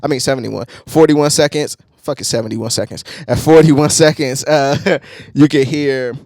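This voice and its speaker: Male music reviewer, relaxed and profane, prone to excited laughing bursts; mid-pitched, dry recording. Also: moderate pace, no room sound. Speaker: album reviewer, channel host. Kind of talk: casual music review talk.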